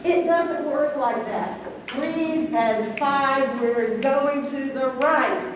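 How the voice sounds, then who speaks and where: A high-pitched woman clinician speaks very slowly while coaching a string orchestra in a large convention rehearsal hall, counting beats aloud, singing counts and quizzing players. The recording is echoey and distant, with highs cut off and slight background noise.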